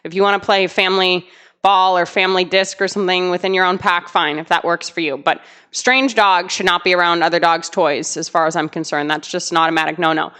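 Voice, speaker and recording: A woman co-hosting a casual podcast, telling animated stories and sounding exasperated about careless dog owners. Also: fairly low pitch, fairly quick, smooth. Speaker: podcast co-host, dog trainer.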